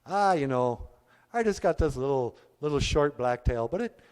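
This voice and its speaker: Man playing a calm, easygoing bear. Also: a little high, normal speed, clean tone, in a large hall, lightly acted. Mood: mild. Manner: mild, unbothered.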